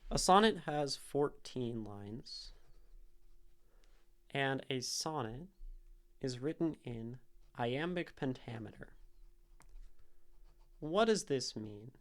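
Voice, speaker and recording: Slow-talking man explaining poetry. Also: mid-range voice, lively intonation. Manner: thinks aloud, explains step by step with fillers. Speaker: streamer teaching poetry. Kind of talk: casual live-stream explanation.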